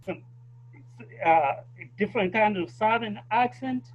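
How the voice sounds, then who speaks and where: High-voiced South African man, lo-fi. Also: measured pace, a little hiss or hum. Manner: thoughtful, emphatic. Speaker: guest. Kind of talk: casual conversation.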